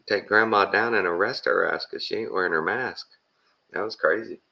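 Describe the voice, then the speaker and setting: A man's voice: lowish voice, moderate pace, gravelly, pushed and bright, lo-fi sound. A man from Texas with a Texan accent, talking in a blunt, plainspoken, rambling monologue full of folksy slang. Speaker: vlogger.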